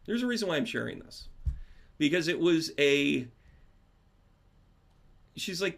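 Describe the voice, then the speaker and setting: A man with a somewhat high voice, rambling casually to his livestream viewers. He talks in loose, friendly asides as a spiritual medium and teacher, addressing members by name. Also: sing-song, a little slow, gravelly, pauses often. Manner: rambling, chatty, warm to viewers.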